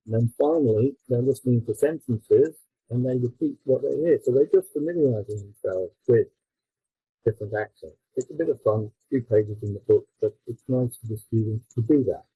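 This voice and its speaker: A man presenting his textbook at a conference, explaining with fillers and quick self-corrections. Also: mid-range voice, warm tone, slightly rough, poor audio.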